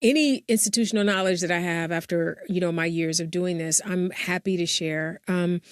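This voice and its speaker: A woman's voice: lowish voice, normal speed, smooth, dry recording, studio quality. A woman speaking as an interview guest about family caregiving, earnest and open, often saying "you know". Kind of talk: heartfelt interview conversation.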